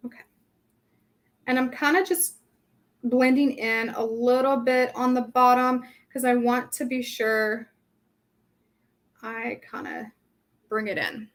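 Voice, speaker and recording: Slow, chatty woman teaching a craft. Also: fairly high pitch, fairly even intonation. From Southern California. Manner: chatty, rambling, thinks aloud with many ums. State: dry throat. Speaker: craft workshop host. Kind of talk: casual live painting tutorial.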